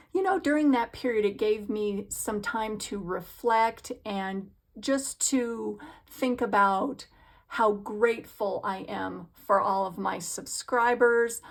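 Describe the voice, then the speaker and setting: Slow, gravelly-voiced woman crafting vlogger. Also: medium pitch. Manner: gushing, enthusiastic. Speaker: craft channel host. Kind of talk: casual crafting vlog chat. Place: home craft room.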